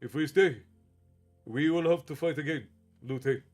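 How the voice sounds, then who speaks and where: A man's voice: fairly high pitch, measured pace, darkish tone, faint music behind. A man voicing a cold, threatening male slaver who speaks in a harsh whisper. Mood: curt.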